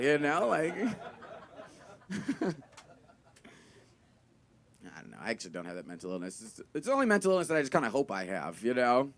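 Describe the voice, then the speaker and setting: A young man performing stand-up comedy at a live venue. His voice sits high and thin, and he rambles through self-deprecating bits padded with fillers. He keeps it loose and conversational. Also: very animated, normal speed, long pauses. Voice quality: high, thin voice he calls dumb.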